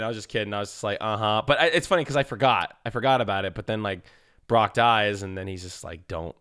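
A man co-hosting a podcast in casual chat, animated and swearing, acting out quotes with a jump up in voice. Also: on the low side, fast talker, clean tone, no echo, studio quality. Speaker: podcast co-host.

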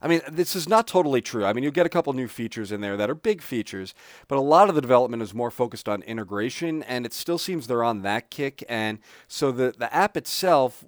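A man, a colorist and trainer, speaking frankly and a bit haltingly in a podcast chat. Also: medium pitch, expressive, no room sound, studio quality. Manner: frank, hesitant, restarts his sentences. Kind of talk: casual podcast discussion.

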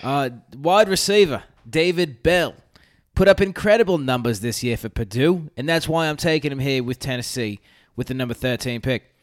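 A man's voice: medium pitch, expressive, moderate pace, few pauses, natural voice. A man reading football draft notes in a put-on Australian accent, stumbling and restarting now and then.

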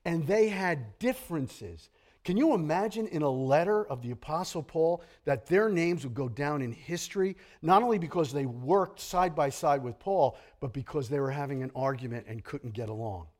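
A middle-aged man preaching a sermon as pastor, animated and jokey, slipping into grumbling impressions. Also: a little high.

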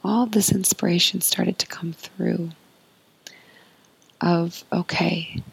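Slow breathy woman, soft and gravelly. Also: lowish voice, fairly even intonation, rough recording. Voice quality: breathy, often whispered delivery. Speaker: podcast host. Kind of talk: reflective spiritual monologue.

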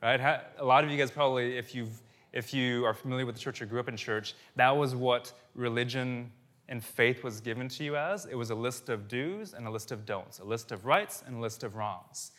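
Male pastor in his thirties, mid-pitched, casual sermon delivery with big shifts from loud to hushed. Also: a little fast. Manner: conversational, animated preaching that swings loud and soft.

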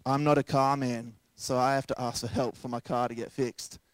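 A young man delivering a sermon at a middle pitch. He keeps it casual and joking and acts out the people he quotes. The sound is close and dry, with no room around it. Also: little pitch movement, normal speed, dry recording. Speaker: pastor.

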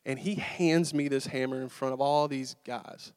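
A man's voice: medium pitch, steady tone, normal speed, darkish tone, clean tone, no echo, clean studio sound. A young man, a pastor telling a self-mocking story from the pulpit and joking with his audience. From American South. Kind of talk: storytelling sermon. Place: church sanctuary.

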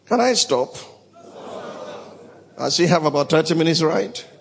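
High-voiced preacher in an echoey hall. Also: male voice, lively intonation, measured pace, creaky, noisy background. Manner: dramatic, shouting bursts, Bible reading, call-and-response. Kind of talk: sermon. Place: large hall with congregation.

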